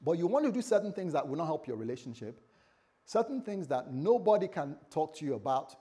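A man's voice: on the high side, sing-song, fairly quick, dark tone, breathy edge. A man preaching a sermon as a pastor, in a conversational way, with frequent restarts and acted-out dialogue.

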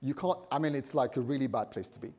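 A man's voice: mid-range voice, expressive, quick pace, darkish tone. A man preaching a sermon in a conversational way, quizzing his listeners and acting out scenarios for them.

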